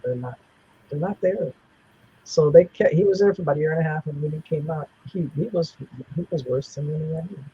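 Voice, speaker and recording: This man in his seventies has a medium-pitched, dark voice with a breathy edge, heard through dull audio. As a guest in a casual interview, he tells personal stories, rambling along with many restarts and fillers.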